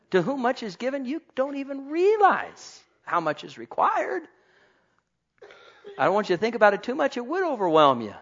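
A man preaching a sermon to his congregation, swinging between loud exclamations and soft asides. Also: high-pitched, sing-song, normal speed. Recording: dull lo-fi recording.

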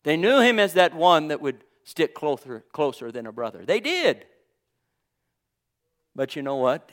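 Fervent preacher, a man with a higher voice. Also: sing-song, measured pace. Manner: fervent, peppered with "praise God" and "hallelujah"; swings from loud declarations to hushed, near-whispered lines. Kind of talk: sermon.

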